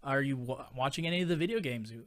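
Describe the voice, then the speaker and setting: A man's voice: mid-range voice, quick pace. A man in his thirties, a podcast host, ranting casually in an emphatic, exasperated way, with many fillers. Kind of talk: casual opinion rant.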